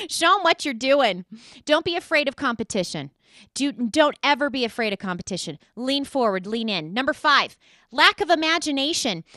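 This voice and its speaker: A woman's voice: sits high, bright, forceful tone, no echo, clean studio sound. A woman hosting a talk show, giving an emphatic motivational monologue straight to her listeners and repeating her key points.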